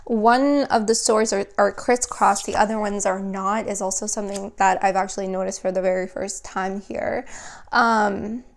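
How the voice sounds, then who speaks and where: A woman's voice: medium pitch, steady tone, moderate pace, creaky. A woman giving an unscripted tarot reading, meandering and reassuring, often checking in with the listener. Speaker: tarot reader.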